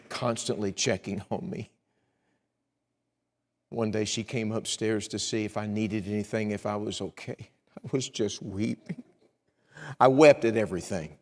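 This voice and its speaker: In a church sanctuary with long hall reverb, a middle-aged visiting evangelist with a lowish voice preaches an evening sermon. He acts out anxious prayers in a rising, pleading voice and drops to a quiet hush for personal stories.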